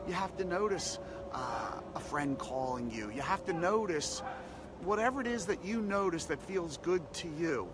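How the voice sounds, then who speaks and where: Upbeat guy doing a self-help pep talk, kinda high voice, repeats his catchphrases over and over. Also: lively intonation, moderate pace, noisy background. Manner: upbeat, repetitive, chanting slogans. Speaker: host of a daily positivity practice.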